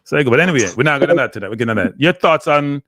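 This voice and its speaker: A man's voice: medium pitch, rapid-fire, dry recording, studio quality. Teasing Jamaican man hosting a live stream. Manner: animated, teasing, repeats himself. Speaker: show host. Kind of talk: casual live-stream chat.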